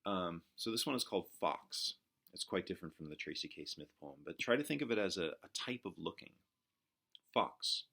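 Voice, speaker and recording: Low, bright-toned reflective male lecturer. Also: expressive, creaky, breathy edge. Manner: reflective, halting with frequent fillers. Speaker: literature teacher. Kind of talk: poetry lecture.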